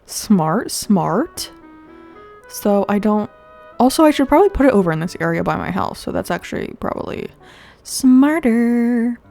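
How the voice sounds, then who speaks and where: A young woman with a congested, sniffly voice, rambling through casual gameplay commentary and thinking out loud as she goes. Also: medium pitch, very animated, fast, gravelly. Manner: chatty, rambling, thinks aloud with fillers. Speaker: gaming video host. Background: faint game music.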